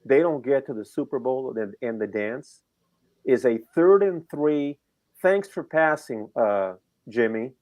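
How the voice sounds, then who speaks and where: A man's voice: medium pitch, animated, a little slow, a little mellow. A middle-aged man co-hosting a sports betting show, talking casually and animatedly, rambling and firing off rhetorical questions.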